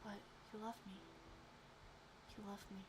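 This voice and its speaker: A woman reading the lines of a tearful young man confessing his love, softly and hushed. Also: fairly high pitch, fairly even intonation, moderate pace, very noisy, lightly acted. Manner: soft, hushed, trembling. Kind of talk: reading visual novel dialogue aloud.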